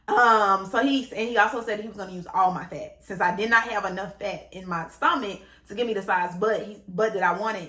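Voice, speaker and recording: A young woman telling a candid story in a casual vlog, animated and blunt, with frequent swearing and laughter. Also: medium pitch. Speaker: vlogger. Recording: echoey room.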